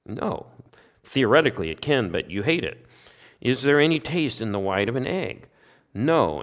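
A man with a somewhat low voice leads a Bible study and walks his listeners through the text. He explains it in plain words, voices its lines in the first person and keeps asking rhetorical questions. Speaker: Bible teacher.

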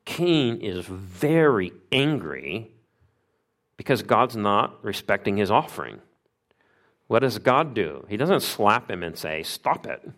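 Lively low-voiced man preaching. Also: takes it slowly. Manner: conversational, asks the congregation questions. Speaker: pastor. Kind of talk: sermon.

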